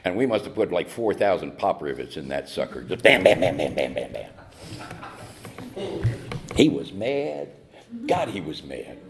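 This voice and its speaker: Deep-voiced man telling a wry story. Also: measured pace, gravelly, pauses often. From North Carolina. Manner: wry, animated, mock-indignant delivery. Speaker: speaker at AA meeting. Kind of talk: humorous personal storytelling to a meeting.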